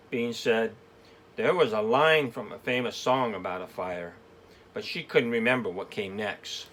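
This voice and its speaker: A man's voice: fairly low pitch, measured pace, fairly bright tone. A man reading a children's storybook aloud as host, with chatty asides about the pictures.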